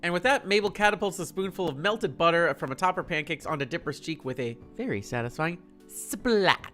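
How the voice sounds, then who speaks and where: Expressive narrator reading a fan story. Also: medium pitch, brisk, faint music behind. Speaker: narrator and streamer.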